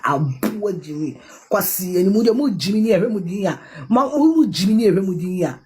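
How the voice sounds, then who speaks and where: Woman, Ghanaian accent, angry ranting commentary, scolding insults, very husky voice. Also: medium pitch, expressive, brisk, darkish tone. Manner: insulting, scolding, repeats her jabs.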